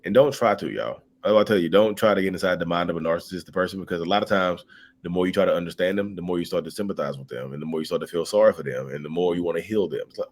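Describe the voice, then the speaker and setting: A man with a very low, deep voice chats casually on a live stream. He is animated, reading viewer comments and acting them out. He often trips over and repeats his words as he searches for them. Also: racing.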